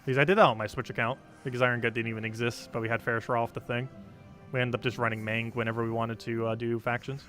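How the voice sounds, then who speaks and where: A man's voice: mid-range voice, level tone, quick pace, fairly bright tone, soft background music. A young man casually chatting on a game live stream, answering chat and rambling through strategy tips with lots of ums and likes. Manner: rambling, explains game strategy with many fillers.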